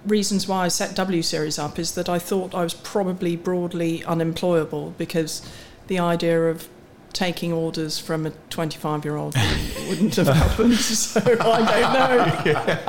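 A woman's voice: lowish voice, fairly even intonation, moderate pace, few pauses, darkish tone, slight background noise. Frank, self-mocking woman guest. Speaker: guest, chief executive of a motorsport series. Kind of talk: casual podcast interview.

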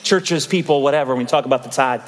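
A man in his fifties, a pastor, preaching a sermon in a church sanctuary in an animated, conversational way, telling stories and making asides to the congregation. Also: medium pitch, fast, long reverb tail. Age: 50s.

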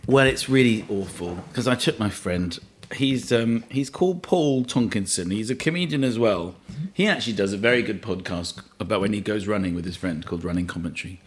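A man's voice: lowish voice, brisk. A man, a guest telling funny stories in casual chat over a meal and laughing as he talks. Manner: lively storyteller, laughs through his stories.

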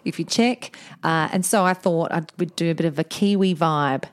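A woman with an Australian accent, co-hosting a podcast in animated, joking chat. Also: fairly low pitch, normal speed, smooth. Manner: animated, swearing, laughing. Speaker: podcast co-host. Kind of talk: casual chat.

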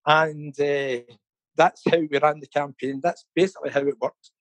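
Speaking at a moderate pace with fairly even intonation, this middle-aged man has a slightly high voice. As a fan campaigner being interviewed casually, he tells stories, laughs frequently, and repeats words as he thinks; the rough, echo-free audio comes via phone or video call.

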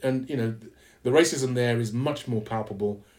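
A man's voice: mid-range voice, darkish tone. A man from London with an English accent, a podcast guest talking candidly and reflectively, often restarting his sentences. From London, England. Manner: earnest, reflective, halting with restarts. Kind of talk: candid conversational interview.

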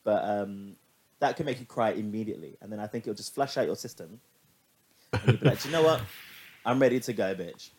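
A man in casual podcast chat, chatty and animated, swearing freely as he tells stories. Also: on the low side, fairly quick, a little hiss or hum. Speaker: podcast co-host.

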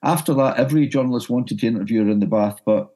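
This Glaswegian music broadcaster, middle-aged and Scottish, is a fast talker with a warm, mid-range voice. As a guest, he relates a story animatedly, tripping over words he repeats.

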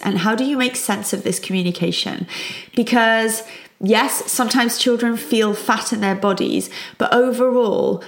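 A middle-aged woman, a child psychologist, calmly and reassuringly explaining parenting advice. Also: medium pitch, gravelly. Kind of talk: parenting advice talk to camera.

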